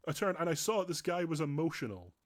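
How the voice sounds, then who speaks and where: A man's voice: on the high side, big pitch swings, fast. Earnest rambling male streamer. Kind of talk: just chatting stream.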